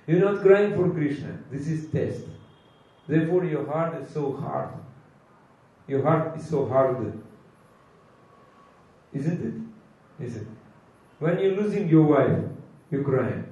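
A man giving a slow, emphatic sermon, drawing out chanted phrases and mixing in Hindi. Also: a little high, dark tone. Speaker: preacher. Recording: echoey hall from far off, dull lo-fi sound.

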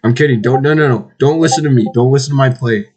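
A man's voice: mid-range voice, fast talker, crowd noise. A man chatting casually over voice chat while gaming, teasing and trash-talking his friends. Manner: teasing, playful trash talk. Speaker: online game player.

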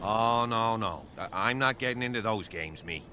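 A man's voice: on the low side, moderate pace, natural voice. An actor playing an evasive, dismissive male dock official. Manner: curt, dismissive. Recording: game audio with clear noise.

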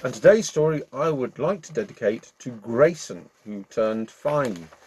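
A man's voice: medium pitch, lively intonation, a little slow, husky. A man reading a bedtime story aloud to children in a playful, friendly way as the channel's storyteller. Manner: warm-hearted, playful, sings along.

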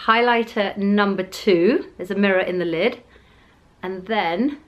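A woman's voice: mid-range voice, fairly bright tone. A middle-aged woman chatting casually as she unboxes beauty products for her vlog, gushing and exclaiming as she goes. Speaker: beauty vlogger.

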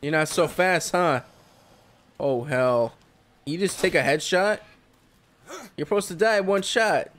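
A man's voice: a little high, unhurried, long pauses, a bit bright. A man giving casual solo commentary over a survival game, exclaiming at surprises. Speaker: gameplay commentator.

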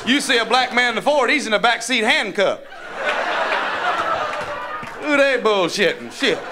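A man with a North Carolina Southern accent doing a crude stand-up set, with a rough, profane, drawling punchline delivery. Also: very high voice, lively intonation, unhurried. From North Carolina, USA. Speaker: stand-up comedian. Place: comedy club stage. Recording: live club with crowd laughter and noise.

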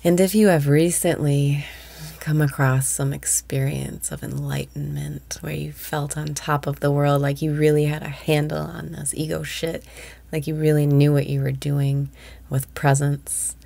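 Low slow woman doing a guided meditation, gravelly, half-whispered breath cues, blunt and swears a lot. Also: little pitch movement, mellow, no echo. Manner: blunt, profane, self-deprecating candor.

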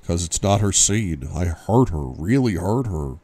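A man's voice: low voice, expressive, unhurried, mellow, husky, exaggerated voice. A man reading as a brooding, tormented young man. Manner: tense, clipped replies. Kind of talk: audiobook reading.

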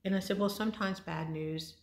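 A woman's voice: mid-range voice, fairly quick. A middle-aged woman telling her own story in a candid, wry, casual way. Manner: candid, wry, with sighs and laughs. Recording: echoey room.

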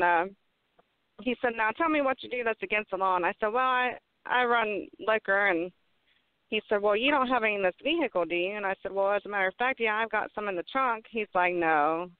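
A woman's voice: medium pitch, a little fast, smooth, dry recording. A woman from West Virginia, a podcast guest telling stories casually, laughing often and swearing freely. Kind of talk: casual storytelling. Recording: phone-like line.

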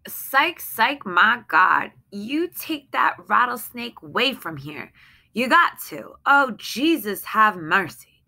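A woman's voice: fairly low pitch, takes it slowly, pushed and bright. A woman voicing a frightened, bitter wife who pleads and accuses in heavy dialect. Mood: terrified pleading. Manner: pleading, then cold and hard. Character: frightened, bitter Southern washerwoman, adult.

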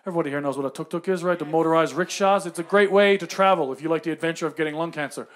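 A middle-aged man telling a stand-up comedy story with animated, punchy delivery. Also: fairly high pitch, racing, slight background noise.

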